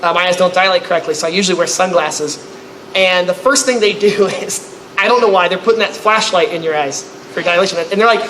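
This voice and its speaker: A man telling a comic story to a live convention audience, acting out other people with loud, high-pitched outbursts. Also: a little fast. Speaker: convention panelist. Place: convention panel room. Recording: echoey room, faint noise.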